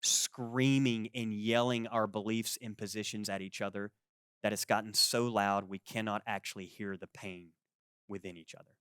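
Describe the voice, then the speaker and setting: A man in his forties preaching a sermon as pastor, conversational and lively, acting out the people he quotes. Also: on the low side, normal speed, clear, resonant tone, no room sound, studio quality. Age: 40s. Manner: conversational, animated, acts out quoted voices.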